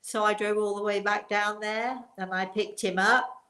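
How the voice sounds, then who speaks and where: A woman's voice: mid-range voice, fairly even intonation, moderate pace, bright, forceful tone. An older woman, a spiritual teacher, telling a rambling personal anecdote with quoted dialogue. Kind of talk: storytelling talk. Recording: roomy echo.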